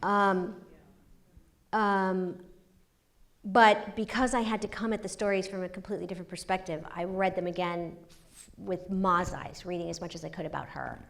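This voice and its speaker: A woman, telling lively stories as a guest in an onstage conversation. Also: lowish voice, moderate pace, vocal fry. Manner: animated, laughing storyteller. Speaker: guest author. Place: university auditorium.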